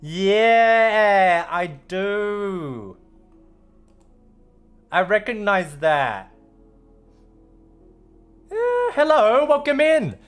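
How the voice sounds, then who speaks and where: A man's voice: high-pitched, very animated, extremely slow, long pauses, clear, resonant tone, faint music behind. A man with an Australian accent streaming, chatting casually and playfully as he reads out viewer messages, rambling and swearing now and then.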